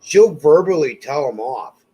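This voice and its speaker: A man's voice: a little high, measured pace, husky, muffled recording. A man in casual conversation, telling personal stories and acting out the voices of people he quotes. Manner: animated, acts out quoted voices. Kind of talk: casual storytelling chat.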